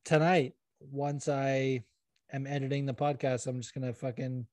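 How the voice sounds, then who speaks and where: A man's voice: medium pitch, flat delivery, moderate pace, a little mellow. A young man hosting a podcast in casual chat, rambling and self-deprecating, swearing now and then. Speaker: podcast host.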